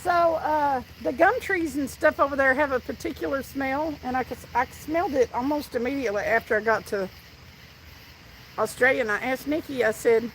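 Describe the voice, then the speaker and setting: A woman with a Southern US accent hosts a casual fishing live stream outdoors, chatting with viewers, reading out their comments and telling stories. Her high-pitched voice moves at a normal speed, with slight background noise and poor audio.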